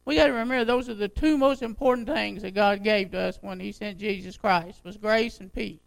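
An older man preaching a sermon to his church in a folksy, conversational way, his voice unsteady and jumping in pitch. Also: a little fast, creaky, no echo, rough recording. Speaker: pastor.

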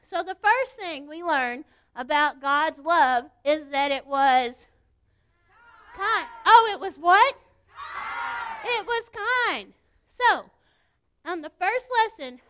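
A woman leading a children's program, running loud, cheery call-and-response songs and a simple Bible lesson. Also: extremely high pitch.

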